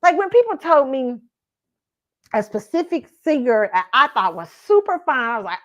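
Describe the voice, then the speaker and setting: Animated, swearing woman host, lively pitch. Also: moderate pace, highs cut off. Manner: animated, laughing, swearing freely, acts out her own reactions. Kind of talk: casual pop culture commentary.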